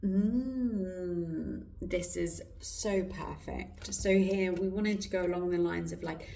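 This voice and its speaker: A woman giving an intuitive card reading in a slow, soft, reflective way with pauses, her throat going hoarse, recorded indoors. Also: lowish voice. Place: indoor room with incense burning. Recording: roomy, distant mic.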